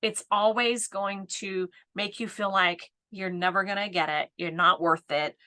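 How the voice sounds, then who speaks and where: Her voice is mid-range, pushed and bright, fairly even in intonation and a little slow. A businesswoman in her fifties who coaches, she gives a chatty live talk, laughing frequently and tacking "right?" onto her points.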